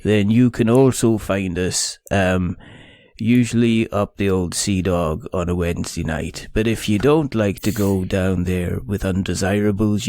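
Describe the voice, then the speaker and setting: A man's voice: sits low, a little mellow, no room sound. A man hosting a podcast interview, teasing his guests and laughing often as he rambles. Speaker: podcast host.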